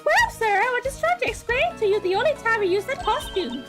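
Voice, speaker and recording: A woman's voice: very high voice, big pitch swings, a little fast, over music. A woman voicing a flustered, overly polite male theme-park employee in a game dub who ends his lines with 'sir'.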